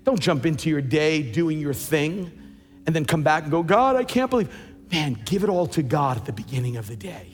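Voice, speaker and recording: A man's voice: a little high, fairly quick, in a large hall, faint music behind. A man preaching a sermon as pastor, emphatic and repeating words as he builds his points.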